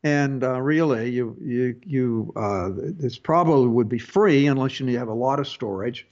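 A man's voice: medium pitch, darkish tone, lo-fi sound. A man hosting a tech advice show, talking casually with frequent restarts and fillers. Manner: halting, many restarts and fillers. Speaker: radio tech show host. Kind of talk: casual call-in advice talk.

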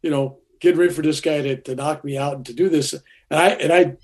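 An older man with a slightly high voice tells a personal story in a loose, rambling way. He is conversational and often restarts himself. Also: steady tone, brisk, a little mellow.

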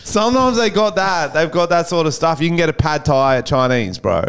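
A man's voice: on the high side, animated, a little fast, a bit bright, clean tone. A man co-hosting a casual comedy podcast, joking and teasing with frequent laughter. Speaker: podcast co-host.

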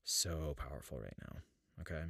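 A man in his thirties hosts a reflective spiritual podcast, speaking earnestly and searchingly about inner life and often restarting his sentences. His rumbling low voice is animated, bright, and forceful, with vocal fry at a normal speed. The studio sound is clean, with no echo.

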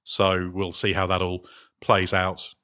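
A man hosting a podcast, discussing motorsport in a measured, hedging way with wry chuckles. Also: low-pitched, completely flat delivery, bright, forceful tone. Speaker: podcast host. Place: on location.

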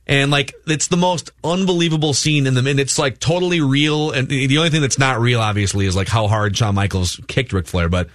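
A man's voice: medium pitch, brisk, few pauses. A man hosting a sports radio show, telling stories in casual banter. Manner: chatty storyteller, animated retelling.

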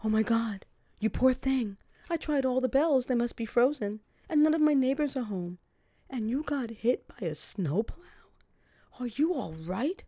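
A woman's voice: a little high, expressive, measured pace, no echo, studio quality, pitched above the performer's own voice. A woman voicing a flustered, apologetic young man who gushes with sympathy as she retells a story. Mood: gushing. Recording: loud vehicle noise behind.

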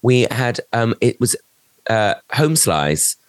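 A man's voice: medium pitch, slow pace, clear, resonant tone, no room sound, studio quality. A man, co-hosting a podcast and telling a story in casual chat. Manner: animated storyteller, acts out quoted voices. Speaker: podcast co-host.

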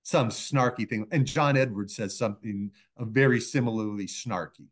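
This middle-aged man speaks with a fairly low voice as a guest pollster on a podcast. He tells stories in a measured, unhurried way, slipping into the voices of the people he quotes. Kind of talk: anecdotal storytelling in a podcast interview.

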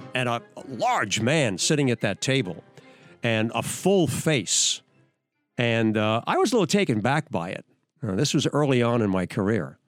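An older man, a veteran news anchor, hosting a podcast and telling stories with enthusiasm and frequent restarts. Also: medium pitch. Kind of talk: podcast storytelling.

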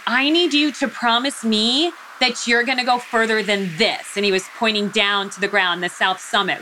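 A middle-aged woman from the United States speaks as an interview guest, with a bright, forward tone. She tells her story vividly and slips into the voices of her own thoughts and of the people she quotes. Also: medium pitch, slight background noise. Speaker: guest, mountaineer.

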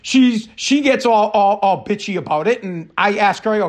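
A middle-aged man with a high-pitched voice rants on his podcast. He tells his story in animated, profane bursts, acting out both sides of the conversation. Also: moderate pace. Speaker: podcast host. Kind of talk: casual ranting monologue.

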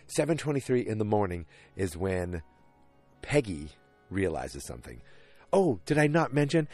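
Rambling low-voiced man recapping an episode. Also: big pitch swings, normal speed, a little mellow, faint music behind. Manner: rambling, many fillers and restarts.

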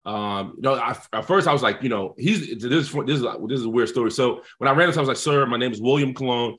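A man, a former football player and interview guest, telling stories in an animated, laughing way and often saying "man". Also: mid-range voice, quick pace. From South Bronx, New York. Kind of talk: casual storytelling interview.

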